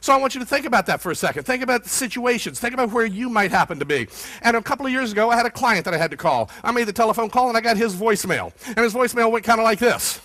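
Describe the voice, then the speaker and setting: Speaking in a very high voice, this man quizzes the room often as he races through an energetic motivational keynote.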